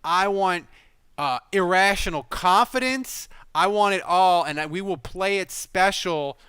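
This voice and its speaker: A man's voice: high voice, unhurried, bright, forceful tone, clear, resonant tone, no echo. A man hosting a sports podcast, chatting casually and laughing often. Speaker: podcast host. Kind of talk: casual chat.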